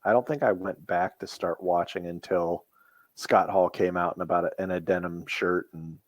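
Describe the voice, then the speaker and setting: Low-voiced man cracking dry jokes. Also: steady tone, moderate pace, no room sound. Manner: dry jokes, asks questions, chuckles. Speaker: podcast co-host. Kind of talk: casual chat watching wrestling.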